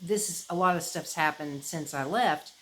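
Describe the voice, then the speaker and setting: A woman vlogging in a casual, rambling way, with a slightly low voice that swings up and down as she talks. She fills her talk with fillers and restarts. A faint hiss sits under her voice. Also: normal speed, fairly bright tone, rough recording. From United States. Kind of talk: casual chat.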